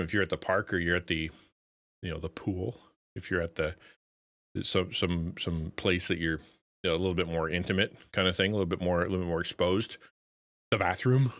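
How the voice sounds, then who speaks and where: A man streaming and chatting casually, rambling with restarts and quick laughs. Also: low voice, fairly bright tone, no echo. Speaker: streamer and Christian content creator. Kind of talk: casual live-stream chat.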